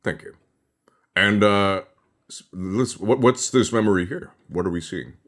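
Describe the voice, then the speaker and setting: A man running an improvised tabletop role-play as guest game master, playful and deadpan with laughing asides. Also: lowish voice, measured pace.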